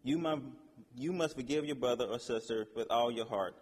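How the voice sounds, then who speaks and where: A man with a slightly husky voice preaches an informal sermon, reading scripture aloud in a casual, halting way. His voice carries a long reverb, as if he were recorded in a hall. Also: mid-range voice, a little mellow.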